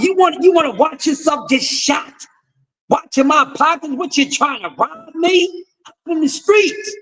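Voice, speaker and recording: A man's voice: very high-pitched, a little slow, fairly bright tone, low-quality recording. A man hosting a boxing talk stream, delivering profane, confrontational commentary and lecturing his audience with repeated refrains. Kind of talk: ranting commentary.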